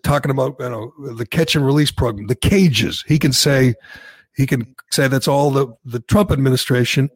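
A man's voice: on the high side, breathy edge, no echo. A man hosting a podcast, animatedly giving his opinions as he recaps a debate. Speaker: podcast host. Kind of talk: casual political chat.

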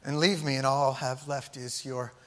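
A man's voice: mid-range voice, flat delivery, moderate pace. A man hosting a comedy sketch, speaking in a mock-sentimental way.

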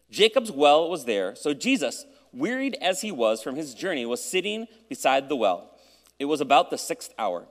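A man's voice: a little high, a bit bright, long reverb tail. A man preaching as a church pastor, joking casually with the congregation before he reads scripture and prays. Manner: casual and joking, then reading scripture and praying. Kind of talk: sermon. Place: church sanctuary.

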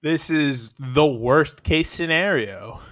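A man's voice: a little high, takes it slowly, fairly bright tone, no room sound, studio quality. A man co-hosting a podcast, chatting in a sardonic, profane way. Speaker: podcast co-host. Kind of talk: casual chat.

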